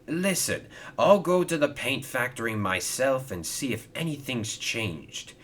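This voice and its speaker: A man's voice: mid-range voice, animated, measured pace, a bit bright, voice pushed up. A man voicing a kind, helpful male steam engine who speaks earnestly and reassuringly.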